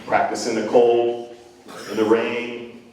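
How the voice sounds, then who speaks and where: A man's voice: medium pitch, monotone, takes it slowly, darkish tone, slight background noise. A middle-aged man giving a rambling, earnest, self-deprecating speech to parents as a band director. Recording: echoey hall from far off.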